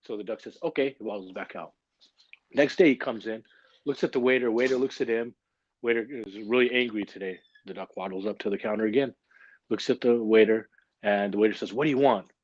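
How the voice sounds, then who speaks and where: Upbeat, quick-talking man hosting. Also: on the low side, a little mellow, no room sound, highs cut off. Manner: upbeat, informal, jokey. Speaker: host of a religious gathering. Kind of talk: casual livestream announcing. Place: online livestream.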